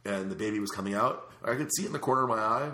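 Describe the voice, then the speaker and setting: A man's voice: fairly low pitch, very fast, pushed and bright. A man telling a long rambling story in casual chat, with many fillers and restarts. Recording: echoey room.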